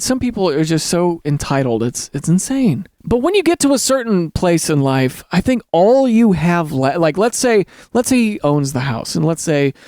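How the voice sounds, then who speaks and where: A man's voice: sits high, darkish tone, no room sound, clean studio sound. A man hosting a podcast, telling stories in a loose, rambling, joking way. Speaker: podcast host. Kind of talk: casual comedic storytelling.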